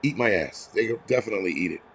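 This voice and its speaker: Gravelly, profane New man ranting. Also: fairly low pitch, animated, racing, fairly bright tone, slight background noise. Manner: profane, blunt, rambling. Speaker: livestream host. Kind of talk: casual angry livestream rant. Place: home near a terrace.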